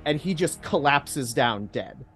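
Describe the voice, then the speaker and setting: Slow, hushed man narrating as game master. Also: a little high, animated, faint music behind. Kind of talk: narrating a tabletop horror game.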